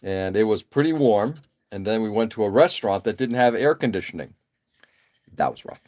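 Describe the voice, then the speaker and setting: A man's voice: lowish voice, a little fast. Laid-back man chatting while building models. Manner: relaxed, rambling, frequent uh fillers and self-deprecating asides. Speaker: live stream host building model kits. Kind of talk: casual chat while working.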